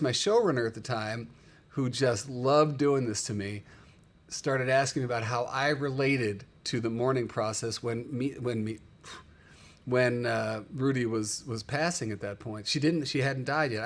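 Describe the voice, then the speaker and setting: A male livestream host chatting casually at an average pitch, telling heartfelt personal stories. He talks with open emotion and calls out his viewers by name. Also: moderate pace.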